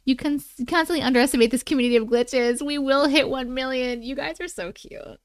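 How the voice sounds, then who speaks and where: A woman's high, clean-toned voice comes through brisk on a dry, clean studio recording. Hosting a livestream, she chats casually with her viewers and reads their stories aloud. Her style is playful and chatty, and she swears casually.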